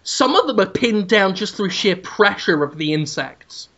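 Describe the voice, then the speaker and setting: A male podcast host with a bright, sharp voice who rambles through a deadpan, absurd story. His telling is loose and improvised. The audio is dull and lo-fi. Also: sits high, a little slow.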